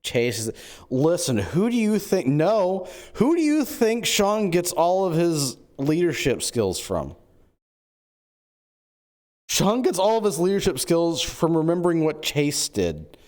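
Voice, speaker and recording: A man streaming in-character role-play chat, excitable and scheming, cracking quick jokes. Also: a little high.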